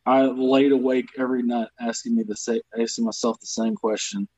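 A man's voice: medium pitch, level tone, brisk, hardly any pauses, mellow, no room sound, poor audio. A man who grew up in the American South, telling stories as a comedian guest on a podcast in a casual, self-deprecating, profane way. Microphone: remote video call.

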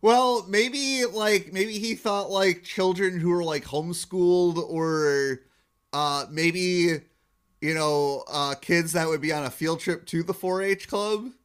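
Man, podcast co-host, casual rambling chat, laughs a lot, slightly higher voice. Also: slow, clear, resonant tone. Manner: rambling, laughs often, acts out quotes. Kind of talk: casual chat recapping a cartoon episode.

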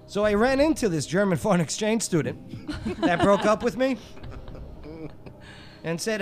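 A man hosts a radio trivia bit, his voice climbing and dropping as he tells joke riddles. His pitch runs a bit high for a man. Soft music plays faintly behind him. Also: slow pace, pauses often. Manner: playful, sets up pun riddles, animated. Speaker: radio show host. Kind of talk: joking trivia banter.

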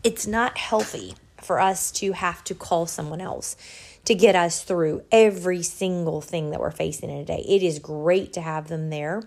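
A middle-aged woman, telling a personal story in a casual, animated way and laughing as she goes. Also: fairly low pitch, normal speed. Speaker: nonprofit founder sharing a personal story. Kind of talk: casual personal talk to an audience.

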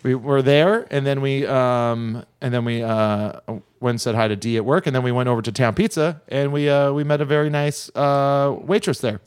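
A man hosting a radio show in casual chat, rambling and halting, laughing often. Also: medium pitch, steady tone, smooth, no echo.

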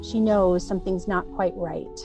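A woman's voice: on the low side, steady tone, moderate pace, over music. A woman interviewing an author in a chatty, rambling, enthusiastic way. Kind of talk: casual conversation.

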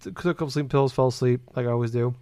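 Fast-talking young man telling a rambling story. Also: medium pitch, steady tone, mellow. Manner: rambling, heavy use of "like", swears freely. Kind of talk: casual chat.

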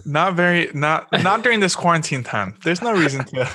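A man's voice: on the high side, lively intonation, a little fast, pushed and bright, no echo, clean studio sound. A man, a worship arts pastor, chatting as a guest on a podcast in a laid-back, easygoing way. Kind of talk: casual podcast chat.

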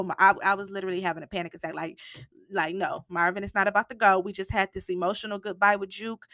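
A woman's voice: mid-range voice, dry recording, clean studio sound. A woman recapping a TV episode in a casual, emotional monologue with slang and cursing, acting out lines from the show. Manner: acts out quotes from the show, sometimes in a hushed voice. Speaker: TV recap podcaster.

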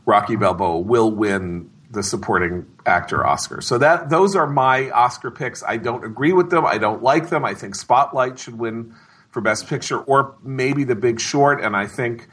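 A man co-hosting a casual podcast chat, a film critic giving opinionated picks with halting pauses and fillers. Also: mid-range voice, a bit bright, breathy edge.

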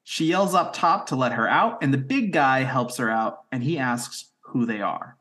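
A man co-hosting a casual podcast, recapping plot points in a quick storytelling way. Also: medium pitch, expressive, sharp tone. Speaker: podcast co-host recapping episodes. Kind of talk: casual chat.

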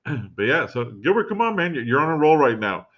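A man from Miami co-hosting a podcast, relaxed, swearing freely as he reminisces. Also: a little high, a little fast. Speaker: podcast co-host. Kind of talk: casual chat. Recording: dull lo-fi recording.

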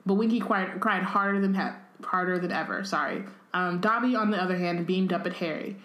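A woman's voice: fairly low pitch, fairly quick, muffled recording. A woman co-hosting a casual podcast, reading a book aloud and breaking off for chatty asides full of filler words. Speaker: podcast co-host. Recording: roomy echo.

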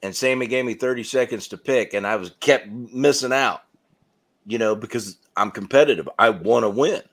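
A man's voice: mid-range voice, normal speed, a bit bright. A man co-hosting a casual sports podcast, laughing often and trading competitive banter. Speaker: podcast co-host.

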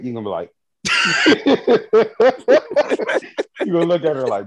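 Dramatic, animated man in podcast banter. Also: mid-range voice, normal speed, pauses often, no room sound. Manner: mock-heartbroken, dramatic. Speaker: podcast co-host. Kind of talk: casual banter.

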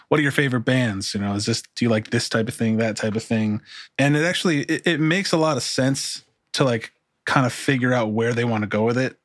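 A man with a lowish voice talks through his work as a producer in a loose, rambling way, circling back and restarting his sentences. The sound is dry and close, with no room around it. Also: no echo. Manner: relaxed, rambling, many restarts and fillers. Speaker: music producer. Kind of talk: casual interview talk.

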